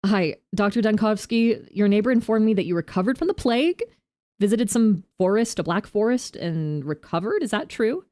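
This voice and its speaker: A woman reading the lines of an inquisitive male doctor in a game, in a measured questioning manner. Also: medium pitch, expressive, darkish tone, no room sound, natural voice. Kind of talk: game dialogue read-aloud.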